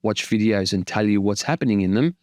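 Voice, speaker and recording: Faint music plays behind a man with a fairly low voice who talks fairly quickly. In this casual tutorial, he explains tech tools plainly and tosses in a few light jokes.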